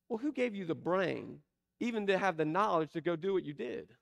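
A man preaching a sermon, asking emphatic rhetorical questions and slowing down to stress key words. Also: high voice, lively intonation, gravelly. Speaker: pastor.

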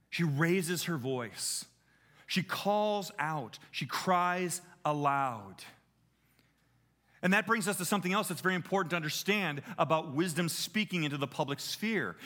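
Animated, lively-pitched male preacher. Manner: animated, emphatic, shifting pace. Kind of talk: sermon.

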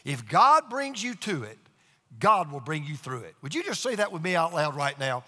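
A man's voice: a little high, big pitch swings, moderate pace, bright, forceful tone, in a large hall. A man preaching a sermon with emphatic call-and-response to his congregation. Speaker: pastor.

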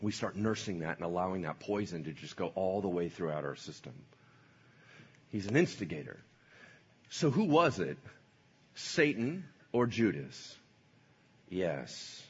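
A male pastor giving a lively, playful sermon, acting out voices as he teaches. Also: low voice, moderate pace, pauses often, slightly rough. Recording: dull lo-fi sound.

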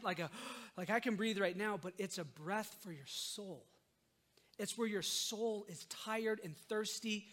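A man preaching a sermon as pastor, earnest and emphatic, often easing into soft, slow pauses. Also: high-pitched.

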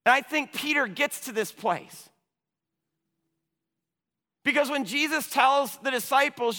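A man preaching a sermon with passion, stumbling over repeated words as he starts phrases and swinging between loud and hushed. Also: very high-pitched, lively intonation, measured pace. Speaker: pastor. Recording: long hall reverb.

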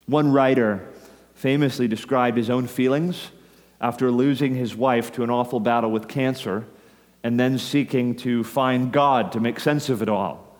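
A man's voice: medium pitch, steady tone, normal speed, big-room sound. A man preaching an earnest sermon, addressing listeners directly with urgency. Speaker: pastor.

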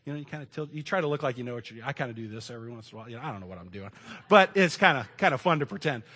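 A middle-aged man preaching a sermon in a conversational way, moving between loud emphasis and hushed asides. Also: mid-range voice, animated, racing. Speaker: pastor.

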